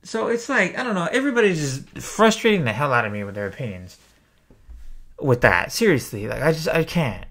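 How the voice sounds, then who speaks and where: A man's voice: on the high side, sing-song, a little fast, a bit bright. A man venting to camera in an exasperated opinion rant, swearing freely as a small YouTuber. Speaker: wrestling YouTuber.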